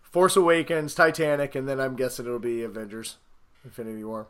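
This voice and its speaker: A man co-hosting a podcast, chatting casually and excitedly about a movie, swearing and acting out scenes. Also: medium pitch, a little fast. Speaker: podcast co-host. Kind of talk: casual movie review chat.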